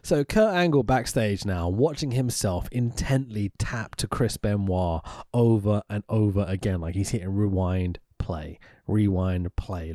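A man casually co-hosting a podcast, excitable and sweary, laughing often as he recaps. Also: on the low side, no echo, studio quality. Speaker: podcast co-host recapping wrestling. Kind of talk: casual chat.

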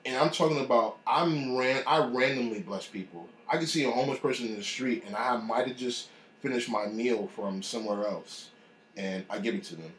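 A man's voice: mid-range voice, fairly quick, slight background noise. A man casually telling a personal faith story. He talks with animation and acts out the voices of people he quotes. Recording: echoey room.

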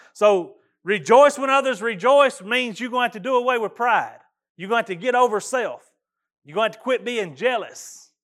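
A man's voice: high voice, a bit bright. A middle-aged man, preaching a sermon as pastor in a folksy, earnest way, often restarting his phrases.

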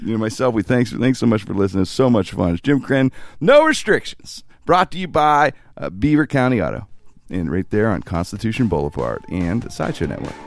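A man hosting a casual podcast, telling stories animatedly and dropping into a deep dramatic voice to quote lines. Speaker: podcast host.

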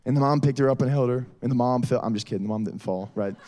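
Talking fast in a medium-pitched voice, a man gives a youth sermon to middle schoolers. He's a youth pastor who tells stories in a lively way and addresses the kids as "y'all."

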